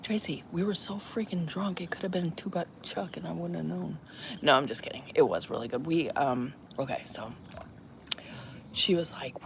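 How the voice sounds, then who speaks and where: A woman in her fifties, a vlogger, chats casually to her viewers, telling a rambling story full of fillers. Her voice is low and gravelly at a moderate pace. Loud crickets and chirping insects sit right behind her voice.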